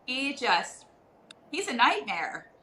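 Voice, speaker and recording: A woman's voice: high voice, very animated, slow pace, crowd noise, low-quality recording. A woman guest potter in a casual video-call chat, talking with frequent ums and easy laughs. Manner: warm, hesitant with many ums.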